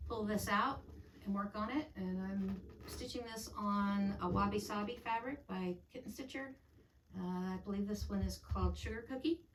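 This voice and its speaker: A woman's voice: medium pitch, a little hiss or hum. A middle-aged woman hosting a crafting channel, chatting casually and rambling about her stitching projects, often correcting herself mid-sentence. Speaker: cross stitch channel host. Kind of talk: casual crafting vlog chat. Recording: echoey room, voice a bit far from mic.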